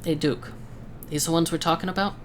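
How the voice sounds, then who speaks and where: A woman voicing a tough, wry woman sheriff who speaks briskly in a frontier drawl for a tabletop game. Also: deep voice, fairly even intonation, a little hiss or hum, pitched above the performer's own voice, natural voice.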